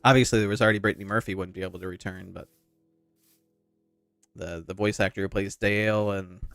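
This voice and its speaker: A man's voice: deep voice, steady tone, fairly quick, vocal fry, a bit bright, dry recording. Nasal male streamer with a slight lisp. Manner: rambling, chatty, talks to viewers. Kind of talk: casual live-stream chat while gaming. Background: faint background music.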